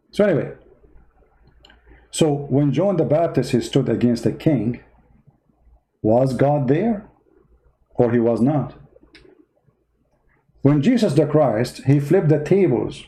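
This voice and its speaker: A man's voice: medium pitch, creaky, dark tone, low-quality recording. A man with non-native English giving online commentary, arguing his point with rhetorical questions. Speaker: Christian commentator.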